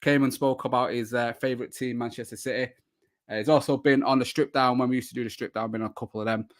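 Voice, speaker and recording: A man's voice: medium pitch, steady tone, fast. A man hosting a live football shirt show, chatting casually with many fillers and restarts. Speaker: podcast host.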